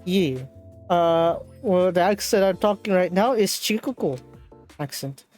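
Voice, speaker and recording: A woman streaming a game, reading the dialogue aloud and translating it, with halting speech full of fillers and restarts. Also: lowish voice, animated, darkish tone, soft background music.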